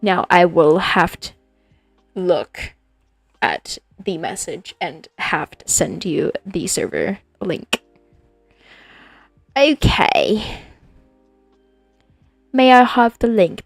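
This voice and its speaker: A woman talks casually to her stream chat, rambling and joking in a playful tone. Her voice has a lot of vocal fry, and the sound is close and dry. Faint music plays behind her. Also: mid-range voice, dry recording. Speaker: digital artist streaming to chat. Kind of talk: casual livestream chat with viewers.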